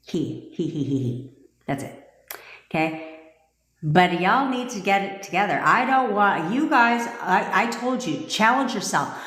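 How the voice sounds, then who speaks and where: A woman's voice: mid-range voice, expressive, a little slow, a bit bright. A woman manifestation coach talking on a livestream in a blunt, profane, commanding way. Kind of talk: livestream talk to viewers. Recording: echoey room with long reverb.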